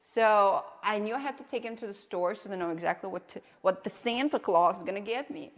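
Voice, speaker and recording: A woman's voice: medium pitch, fairly quick. Casting note: young woman streamer, blunt and foul-mouthed, casual storytelling, reverberant room. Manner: blunt, swears freely, storytelling. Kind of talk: casual chat with viewers.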